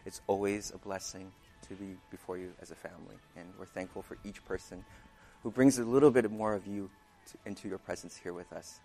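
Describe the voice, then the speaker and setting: A man preaching a sermon, praying quietly and reading scripture with rising emphasis, chewing gum because of a dry mouth. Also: sits low, steady tone, brisk, faint music behind. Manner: chewing gum while speaking; prays softly, reads scripture with rising emphasis. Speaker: pastor.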